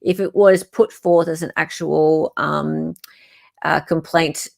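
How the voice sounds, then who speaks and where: Gravelly Australian woman chatting. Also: sits low, steady tone, takes it slowly, darkish tone. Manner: chatty, reads court documents aloud, reacts to viewer chat. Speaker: host. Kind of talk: casual livestream commentary.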